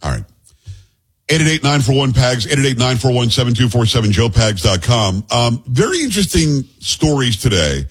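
A man's voice: mid-range voice, big pitch swings, moderate pace, breathy edge. A man hosting a radio talk show from a studio, rambling and joking in teasing banter with his co-host. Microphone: studio microphone.

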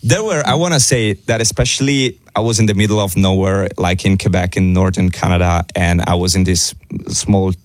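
A man with an Italian accent speaks English as a guest on a radio show. His voice sits low and the sound is dry and close. He is animated, laughs often and restarts his sentences. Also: a little fast, no echo. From Italy. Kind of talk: casual radio chat.

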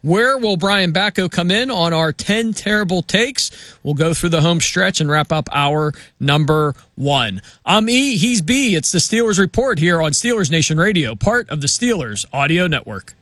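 A man's voice: fairly high pitch, lively intonation, normal speed, fairly bright tone, no room sound. A man hosting a sports radio show, running a segment in an upbeat, joking way. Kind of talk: casual sports talk.

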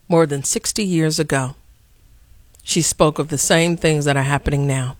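A woman's voice: sits low, dry recording. Fiery woman talk host. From Chicago. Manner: preachy, rising to sharp outbursts, repeats words. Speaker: radio talk show host. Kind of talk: impassioned talk radio commentary.

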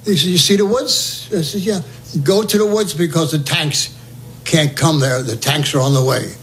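A man's voice: on the high side, normal speed, slight background noise, low-quality recording. An older man telling a war story for an oral history recording, humorous, acting out the dialogue. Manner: lively, humorous, acts out dialogue.

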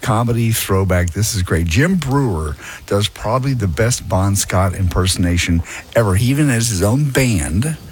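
A man's voice: fairly low pitch, animated, normal speed, slight background noise. A man co-hosting a live morning radio show outdoors at a car event, upbeat and reading out event details. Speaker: radio co-host.

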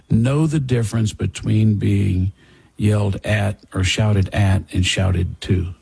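Raspy deep guy hosting call-in radio, lots of fry. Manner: warm-hearted, emphatic, takes calls. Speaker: radio talk show host.

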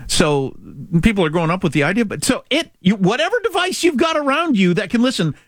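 A middle-aged man from Kansas, an animated storyteller chatting casually as a podcast host. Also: sits high, fast, no room sound, clean studio sound. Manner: animated storyteller, quoting others in his own voice. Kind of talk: casual chat.

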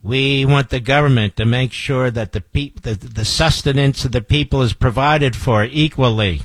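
A man mimicking a smug, self-righteous young male activist in a mocking, drawn-out way. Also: medium pitch, no room sound, close to an everyday voice.

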